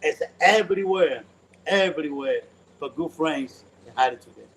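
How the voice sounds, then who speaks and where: A man's voice: on the high side, expressive, moderate pace, fairly bright tone, slight background noise, low-quality recording. A man who owns a cigar lounge, talking in a casual interview and telling stories animatedly in broken English.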